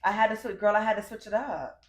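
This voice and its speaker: A young woman talks candidly on a casual podcast, her voice sitting at a middling pitch. She is emphatic and circles back on her own phrases, calling her co-host "girl" and "baby". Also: fast, echoey room. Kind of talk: casual chat.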